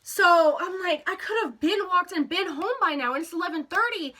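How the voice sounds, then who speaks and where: Chatty high bright young woman vlogger. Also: brisk, few pauses, slight background noise. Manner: chatty, animated retelling with lots of "like" and quoted dialogue. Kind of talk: casual storytime.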